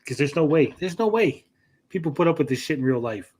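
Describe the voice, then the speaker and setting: A man's voice: on the high side, animated, brisk, a little mellow, slightly rough. A man co-hosting a livestream podcast, talking bluntly and profanely and mocking people with put-on quotes. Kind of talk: profane, blunt casual chat.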